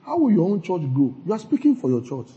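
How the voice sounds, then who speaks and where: A male pastor preaching a sermon in a warm, breathy voice. His pitch leaps and falls in wide, lively swings, and he repeats his points for emphasis. The recording sounds dull and lo-fi. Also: fast talker. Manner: acts out quoted gossip and repeats lines for emphasis.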